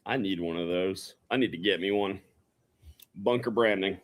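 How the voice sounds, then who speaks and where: A man co-hosting a live stream in a relaxed, agreeable way. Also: low voice, moderate pace. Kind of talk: casual live stream chat.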